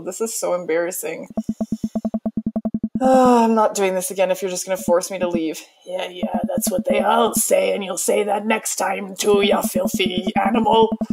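Woman, mid-range voice, reading game dialogue over clear background music with dry sarcastic asides. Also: mid-range voice, low-quality recording. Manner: sarcastic, self-mocking ad-libs. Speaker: let's player.

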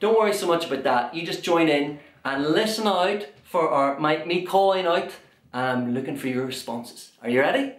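A man's voice: fairly high pitch, lively intonation, normal speed, a little hiss or hum. A young man leading a kids' drum lesson, chanting call and response in a playful, sing-song way. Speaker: children's drum workshop leader. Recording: echoey room with drum music. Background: drum and percussion beat.

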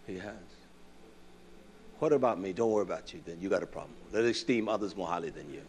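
A man preaching a sermon in a conversational way, swinging from hushed asides to loud bursts and asking his listeners questions he answers himself. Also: low-pitched, quick pace. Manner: asks the congregation questions and answers them himself.

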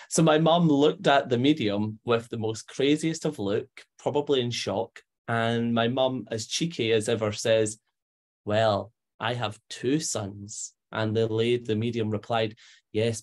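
A Scottish man, guest on an interview, telling personal stories in a chatty way, acting out the voices of people he quotes and using many fillers. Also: lowish voice. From Scotland. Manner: animated, acts out quoted voices, frequent fillers. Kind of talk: conversational storytelling.

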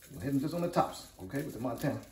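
Medium in pitch, this man's voice races along, creaky and a little mellow, with a faint hiss or hum. He hosts a relaxed cooking show, chatting with energy and repeating catchphrases to his audience, starting in his home kitchen before heading to an outdoor grill in the backyard. Distant camera audio gives it an echo.

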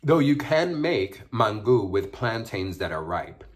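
A man with a fairly low voice talks through a casual eating vlog at home. He chats easily between bites and hums with pleasure as he savors the food. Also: big pitch swings, unhurried. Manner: chatty, savoring food with frequent mm sounds. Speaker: mukbang vlogger.

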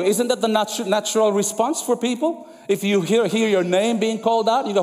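A man preaching a sermon as pastor, emphatic and repetitive, going soft and low when quoting scripture. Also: a little fast. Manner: emphatic preaching, repeats phrases for effect, drops soft and low for quoted words. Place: church sanctuary. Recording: long church hall reverb.

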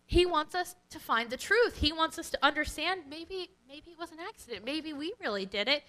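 A woman leading a children's worship lesson, speaking in an animated, sing-song way to kids. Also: high voice, moderate pace, low-quality recording.

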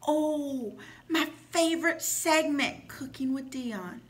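Young woman, school news presenter, chatty, gushing, lots of "like", bright tone. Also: high voice, normal speed. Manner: chatty, gushing, says "like" a lot.

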